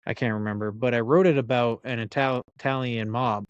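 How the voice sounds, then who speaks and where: A man's voice: mid-range voice, fairly even intonation, a little fast, clear, resonant tone, no room sound, highs cut off. A man from the United States hosting a podcast, chatting casually with laughs and the odd swear word. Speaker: podcast host.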